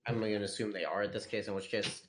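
A man's voice: fairly low pitch, fairly even intonation, quick pace, a little hiss or hum. A man hosting a casual podcast, reading out listener questions and joking crudely between laughs. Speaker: podcast host.

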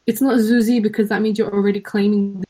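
Husky, mellow woman in casual chat. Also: mid-range voice, level tone, fast talker, soft background music, poor audio.

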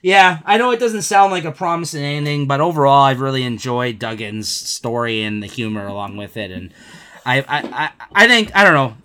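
Bright-voiced man laughing through a story. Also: medium pitch, lively intonation, fairly quick, a little hiss or hum. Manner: laughs while retelling scenes, many fillers. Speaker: podcast co-host. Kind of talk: casual comic book chat.

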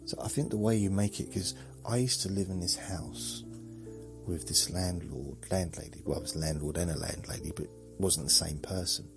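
A man's voice: sits low, moderate pace, vocal fry, music in the background. A man hosting a sleep podcast, meandering through a rambling monologue and chuckling at himself. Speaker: podcast host.

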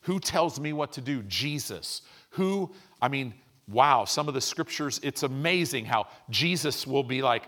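A man's voice: medium pitch, expressive, unhurried, fairly bright tone. A man pastor preaching a sermon, asking his congregation questions and building to emphatic peaks.

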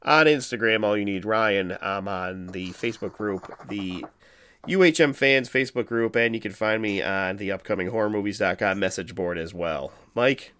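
A man's voice: lowish voice, normal speed, fairly bright tone, smooth. Laughing, foul-mouthed podcast host man. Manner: laughs often, swears freely. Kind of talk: casual podcast chat.

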